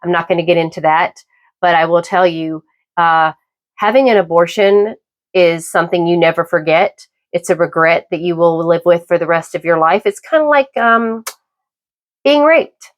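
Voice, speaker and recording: A middle-aged woman hosting her own podcast, talking through a personal, opinionated monologue in a halting, emphatic way. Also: on the low side. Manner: emphatic, halting with repeated restarts. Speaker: podcast host.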